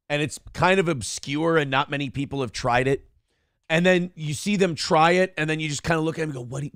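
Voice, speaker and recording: Morning show host, male, profane and self-deprecating, slightly high gravelly voice. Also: fairly bright tone, no room sound, clean studio sound. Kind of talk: casual podcast rant and chat. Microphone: headphones and clamp-mounted desk microphone.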